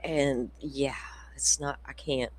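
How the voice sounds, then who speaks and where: A man with a medium-pitched, steady voice speaks slowly while hosting a casual true crime livestream. Chatting with viewers, he rambles through stories, laughs often, and swears freely.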